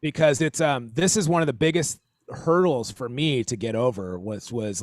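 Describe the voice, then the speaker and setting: A man's voice: medium pitch, moderate pace, no room sound, clean studio sound. A man hosting a casual drum stream, rambling and self-correcting as he explains accents and counts beats aloud over a video call. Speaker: drum teacher and stream host.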